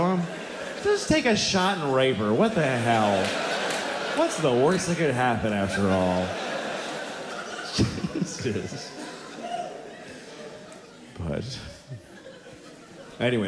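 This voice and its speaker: A man in his forties doing a stand-up comedy set on a theater stage, telling blunt, exaggerated stories in an animated way. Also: medium pitch, takes it slowly, long pauses. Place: theater stage before a live audience. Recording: roomy hall with audience noise.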